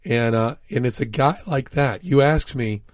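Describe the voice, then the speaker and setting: A man recounts anecdotes as an interview guest. He is earnest, pauses on fillers, and slows right down on key words. His voice sits at a middling pitch and sounds close and dry in the studio. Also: no room sound. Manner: earnest anecdotal storytelling with frequent fillers, slowing down for emphasis. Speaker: author and guest. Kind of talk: storytelling in an interview.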